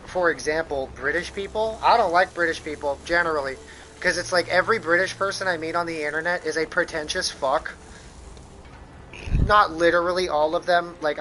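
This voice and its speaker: A man's voice: a little high, pushed and bright, a little hiss or hum, low-quality recording. An American man rambling profanely in casual chat while live-streaming a game, full of restarts. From United States.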